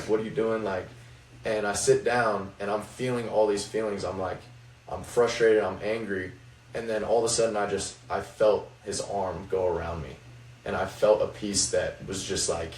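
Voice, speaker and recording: Low-voiced young man, reflective. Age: young adult. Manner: reflective storytelling, many fillers. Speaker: college basketball player. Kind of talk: faith-focused podcast chat. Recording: roomy, distant mic, faint noise.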